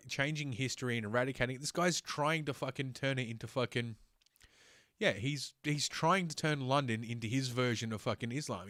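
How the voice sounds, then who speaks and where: A man hosting a solo stream, full of biting sarcasm and constant swearing. His voice sits at an ordinary male pitch and sounds close and dry, with no room echo. He reads text aloud in bursts, tripping over words and filling gaps with "uh". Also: fairly bright tone. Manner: reads aloud with stumbles and filler. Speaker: host. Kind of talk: solo livestream rant.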